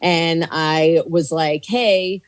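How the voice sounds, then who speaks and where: Low-voiced woman, swearing storyteller. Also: moderate pace, darkish tone. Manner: swears freely, acts out quoted lines; rambling, chatty with many "like" fillers. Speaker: comedian and actor, podcast guest. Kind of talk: casual podcast storytelling.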